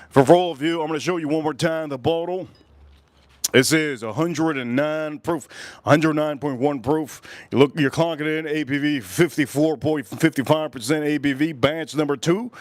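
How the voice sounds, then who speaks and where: A man chatting on a livestream, excitable and rambling as he talks to his viewers. His voice sits a little high, and the sound is close and dry. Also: no echo. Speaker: livestream whiskey reviewer. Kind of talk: casual livestream chat.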